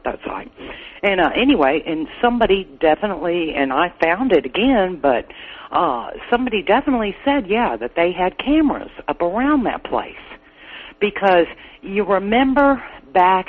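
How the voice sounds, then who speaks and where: A caller chatting with a show host, talking casually, with many hesitations and fillers. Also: medium pitch. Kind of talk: casual call-in chat. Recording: tinny phone line.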